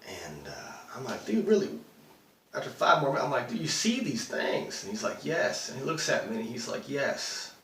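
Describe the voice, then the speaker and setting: A man's voice: medium pitch, big pitch swings, moderate pace, a bit bright. An actor playing a rattled male astronaut who rambles and swears as he recounts a UFO sighting. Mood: uneasy. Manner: rambling, profane, full of fillers. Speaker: actor performing a monologue. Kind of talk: dramatic monologue. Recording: roomy, distant mic, faint noise.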